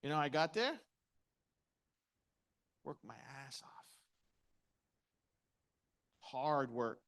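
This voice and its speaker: A man's voice: fairly high pitch, big pitch swings, drawn-out words, a bit bright. A middle-aged man giving a motivational seminar talk, punchy and asking the audience questions. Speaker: motivational speaker.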